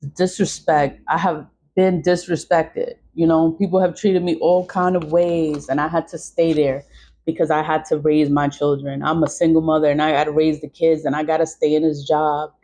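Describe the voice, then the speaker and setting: A woman's voice: sits low, flat delivery, normal speed, warm tone. A middle-aged woman vlogger in a casual venting monologue, emphatic and repeating her points.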